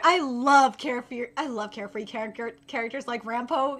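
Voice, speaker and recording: A woman's voice: fairly high pitch, brisk, hardly any pauses, a bit bright. A woman streaming a live manga reaction, who gushes, squeals and swears freely between the lines she reads aloud.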